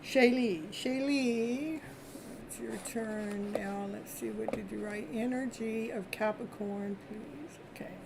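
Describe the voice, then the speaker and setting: Slow, chatty woman reading tarot live. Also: on the high side, noisy background. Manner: chatty, frequent throat-clearing and laughs; repetitive, reassuring phrasing. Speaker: tarot reader and host.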